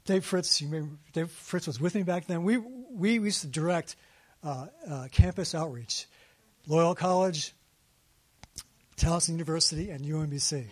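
A man in his sixties telling a personal story in a sermon, animated and laughing at himself. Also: on the high side, normal speed, breathy edge. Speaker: speaker at a faith gathering.

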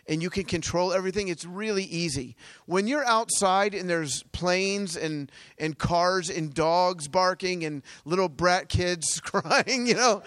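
A man preaching a testimony sermon, telling stories with energy, laughing often and swinging from loud bursts to hushed asides. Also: sits high, no echo. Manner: energetic storytelling with frequent laughs.

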